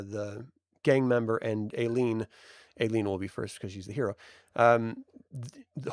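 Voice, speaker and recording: A man running a tabletop game as game master, narrating with animated delivery and bursting into loud voices for minor characters. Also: mid-range voice, dry recording, clean studio sound.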